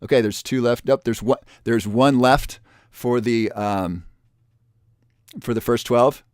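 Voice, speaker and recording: A man presenting a webinar and making an upbeat sales pitch, repeating the offer with urgency. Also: fairly even intonation, slow, a little mellow, clear, resonant tone, dry recording, studio quality.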